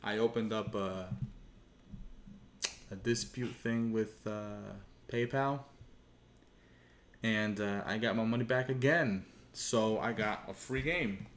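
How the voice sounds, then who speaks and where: Taking it slowly and pausing often, a man with a lowish voice rants in an echoey room at home during a livestream. As a gaming channel host, he tells a frustrated, profane, rambling story, acting out the quoted lines.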